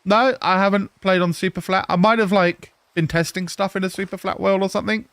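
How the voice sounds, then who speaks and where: A man in his thirties from England with an English accent softened by Australian, chatting casually with viewers while playing a game live. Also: sits high, steady tone, fairly quick, no room sound. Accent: English mixed with Australian. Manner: chatty, answers viewers, laughs often. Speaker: live streamer. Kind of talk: casual live-stream chat while gaming.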